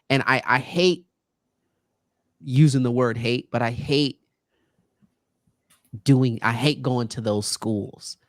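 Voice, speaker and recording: A man's voice: mid-range voice, no room sound, studio quality. A man who works as a guest speaker, telling stories casually and animatedly, often acting out other people in a raised voice. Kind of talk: casual storytelling. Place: podcast studio.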